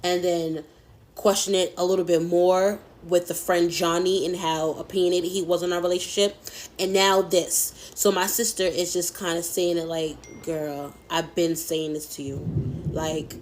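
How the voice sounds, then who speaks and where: A woman's voice: lowish voice, little pitch movement, normal speed, a little mellow, a little hiss or hum. A young adult woman telling a personal story in a casual, candid, chatty way, swearing freely.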